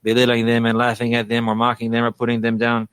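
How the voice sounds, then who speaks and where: A man's voice: mid-range voice, completely flat delivery, fast talker, fairly bright tone, smooth, no echo. A man giving a religious lesson on manners, often repeating a phrase to stress it and restarting his sentences. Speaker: Islamic teacher.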